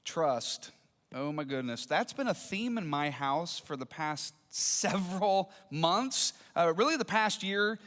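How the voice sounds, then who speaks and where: A man's voice: sits high, fairly bright tone. A man in his forties preaching a sermon, telling a family story with acted-out dialogue. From American Midwest. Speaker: pastor. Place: church auditorium. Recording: long reverb of a large hall.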